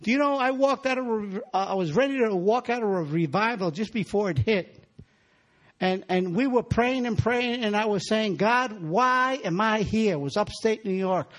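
A man's voice: high voice, normal speed. A man preaching a sermon in a church, exhorting the congregation and calling for their responses.

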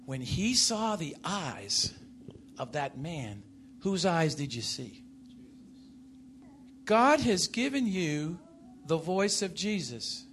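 A man's voice: big pitch swings, takes it slowly, pauses often, a little hiss or hum. A man preaching a sermon, emphatic, swinging his voice up and down and putting questions to the congregation. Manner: emphatic, rises and falls in pitch and loudness, asks the congregation questions.

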